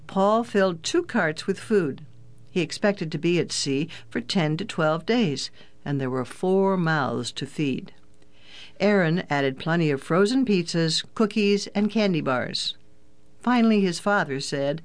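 A narrator reading a children's adventure book aloud, clear and even. The delivery is steady, scripted storytelling at a mid pitch. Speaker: audiobook narrator.

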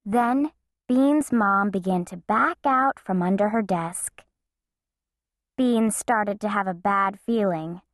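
A woman narrating a children's storybook in an expressive, playful way. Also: mid-range voice, slow, no room sound, clean studio sound. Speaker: audiobook narrator.

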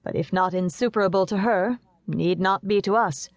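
A woman voicing a middle-aged father who speaks low, sadly and in a measured way in an audiobook. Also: no echo, natural voice. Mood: grave.

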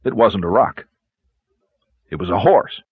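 A man narrating a western audiobook in a measured, even storytelling manner. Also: on the low side, husky, dry recording, narrow, tinny audio. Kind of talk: scripted narration.

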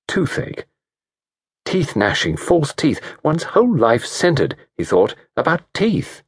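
Husky, expressive audiobook narrator, a man. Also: medium pitch, no echo, studio quality. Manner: measured, expressive storytelling. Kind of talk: scripted narration.

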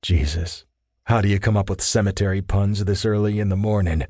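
A stern male agent speaks in terse, low growls, as a narrator plays him. The read is close and dry, with a deep, grumbling edge. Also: little pitch movement, fast, a little mellow, no room sound, close to an everyday voice. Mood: gruff. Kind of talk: audiobook character voice.

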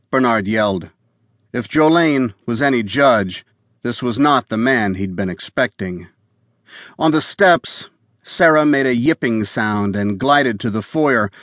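Reading from a script, a man narrates a thriller in an even, measured tone at medium pitch. The recording is dry and clean, straight from a studio.

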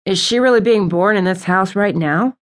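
A woman's voice: mid-range voice, normal speed, natural voice. Woman reading as a wry easygoing young man. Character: wry laid-back young man, a boyfriend.

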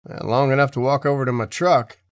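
A man voicing a calm, stubborn male logging contractor who talks dry and steady in an audiobook. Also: mid-range voice, a little fast, no echo, lightly acted.

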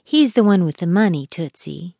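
A woman's voice: lowish voice, lively intonation, moderate pace, vocal fry, warm tone, no room sound, clean studio sound. A woman doing a glamorous young starlet. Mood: knowing.

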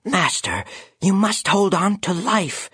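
A man doing a high, earnest raven. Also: big pitch swings, slow pace, fairly bright tone, slightly rough, no room sound, studio quality, exaggerated voice. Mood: anxious earnest. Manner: pleading, earnest. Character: loyal young male raven, anxious and earnest. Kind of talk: audiobook character voice.

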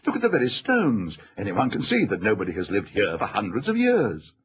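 A man's voice: lowish voice, wildly swooping pitch, brisk, highs cut off. A man voicing skeptical, blunt boy Edmund. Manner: doubting, blunt objections.

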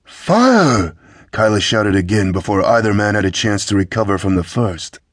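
A man narrating a fantasy adventure audiobook in a measured, steady storytelling manner into a studio microphone. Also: fairly low pitch, no echo.

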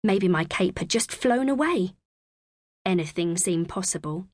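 A woman narrating a children's audiobook in the first person with a clear, expressive, measured reading. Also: lowish voice, no echo.

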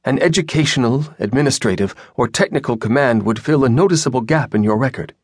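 A calm, commanding senior admiral, voiced by a male audiobook reader who sounds apologetic yet never leaves room to argue. The voice sits higher than the reader's own low register. It is recorded close and dry, with no room sound. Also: breathy edge, no echo, natural voice. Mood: measured. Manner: measured, apologetic yet firm.

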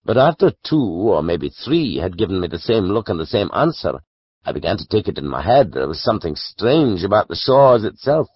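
A man narrating a classic novel as an audiobook, measured and expressive. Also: fairly low pitch, breathy edge, dry recording, lo-fi sound.

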